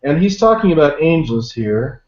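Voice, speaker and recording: Man, software demo, lively and jokey, self-deprecating, echoey room, muffled lo-fi sound. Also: on the high side, moderate pace. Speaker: guest software expert. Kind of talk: screen-share software demo.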